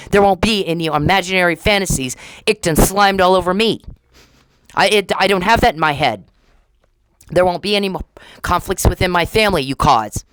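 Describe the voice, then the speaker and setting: A woman's voice: on the low side, clean tone, dry recording, rough recording. Lady podcaster ranting at somebody, accusing and repeating herself, dry sound. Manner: accusing, repetitive, confrontational. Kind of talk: angry monologue aimed at an absent person.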